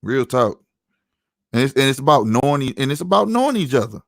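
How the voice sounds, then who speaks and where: St guy on a podcast, slangy storytelling, dry close sound, mid pitch. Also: sing-song, brisk, creaky, dry recording. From St. Louis, USA. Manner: slangy, storytelling, lots of "you know what I'm saying". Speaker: podcast host. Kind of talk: casual podcast chat.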